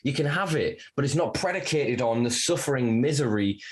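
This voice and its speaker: A man talking as a podcast guest in casual conversation, ranting with lots of swearing and dark laughter. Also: medium pitch, a little fast. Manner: animated, profane ranting; laughs to cope.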